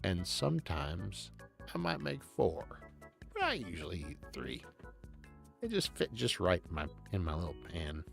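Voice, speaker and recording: A man's voice: sits low, huge pitch swings, measured pace, gravelly, soft background music. A man streaming live, chatting casually in a loose, rambling way with plenty of swearing. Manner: laid-back, swears a lot.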